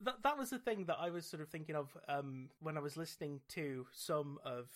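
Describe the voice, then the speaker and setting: A man's voice: a little high, a little fast, a little hiss or hum. A British man hosting a podcast, chatting in a wry, casual way. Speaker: podcast host. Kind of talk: casual chat.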